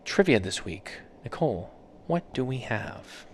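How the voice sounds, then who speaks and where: A man's voice: mid-range voice, very animated, a little slow, slight background noise. A man co-hosting a podcast in casual chat, rambling and laughing often as he tells stories. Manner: rambling, laughs often, mimics others in quotes. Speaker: podcast co-host.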